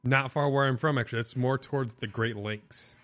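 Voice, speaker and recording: A man's voice: medium pitch, steady tone, fairly quick, a bit bright, no echo. A man who grew up on the Illinois-Wisconsin border, talking casually as a podcast guest, rambling with lots of "like". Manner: casual, rambling, says "like" a lot. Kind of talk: casual chat.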